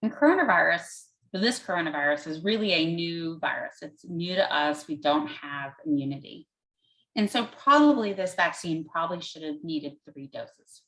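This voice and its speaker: A woman physician fielding audience questions in a somewhat low voice. She explains things step by step in plain, everyday terms. She pauses on an "um" as she works out her answer. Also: lively intonation, fairly bright tone, poor audio. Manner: thinks aloud with frequent "um".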